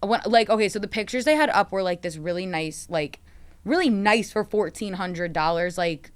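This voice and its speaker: In casual podcast chat, the young female host tells stories with animation, performs the quotes, and swears often. She has a clear, resonant, medium-pitched voice at a moderate pace.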